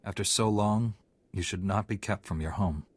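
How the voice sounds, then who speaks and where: Give me a calm, measured Jedi Knight for a video game, slightly low. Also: male voice, husky, dry recording. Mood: earnest.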